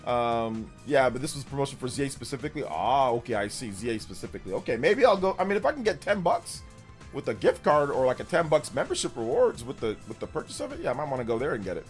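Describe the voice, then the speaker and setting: A man's voice: medium pitch, sing-song, fast talker, soft background music. A man hosting a gaming livestream, talking loosely and rambling as he thanks viewers by name. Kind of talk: casual livestream chat.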